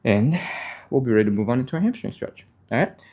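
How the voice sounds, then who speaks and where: A man hosting a live stretching stream, talking fast and upbeat, laughing often as he walks viewers through each move. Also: medium pitch, animated, muffled recording. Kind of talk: live workout instruction.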